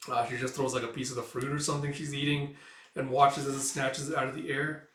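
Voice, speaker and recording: A man's voice: mid-range voice, little pitch movement, fast, fairly bright tone, slight background noise. Guy rambling through a comic, like like like, mid voice, far from mic, echoey. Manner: rambling, filler-heavy retelling. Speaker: reader. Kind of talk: casual comic read-through. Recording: roomy echo, mic far off.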